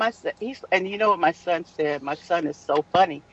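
A woman in her fifties telling a story in casual podcast chat, brash, profane and animated. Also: fairly low pitch, fairly quick, breathy edge, highs cut off. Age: 50s.

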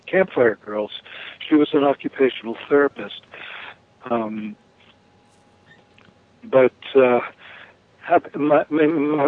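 Halting man on a tinny phone line. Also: medium pitch, no room sound. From New York. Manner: halting, many restarts, chuckles. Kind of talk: casual phone-in chat. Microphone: telephone.

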